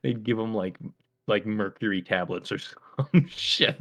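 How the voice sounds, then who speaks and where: A man co-hosting a casual podcast, riffing on odd facts with jokes and quick comic bits. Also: on the low side, fairly bright tone. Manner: riffs with comic bits and acted-out voices, laughs often. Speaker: podcast co-host. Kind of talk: casual chat.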